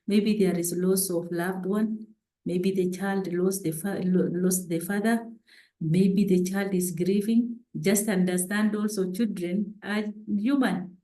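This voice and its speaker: Woman, slow measured delivery, earnest advice, echoey room. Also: medium pitch, steady tone, warm tone. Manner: earnest, exhorting. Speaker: parenting speaker. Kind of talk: panel talk.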